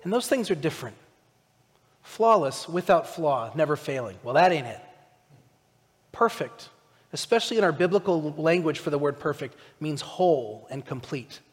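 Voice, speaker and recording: A male pastor giving a conversational, animated sermon, asking his listeners direct questions. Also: a little high, normal speed, long reverb tail.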